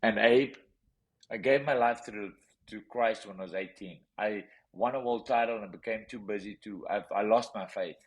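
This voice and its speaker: A man's voice: lowish voice, normal speed, low-quality recording. Intense South African man telling his story. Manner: intense, animated, repeats phrases. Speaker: podcast guest, professional boxer. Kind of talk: emotional personal storytelling.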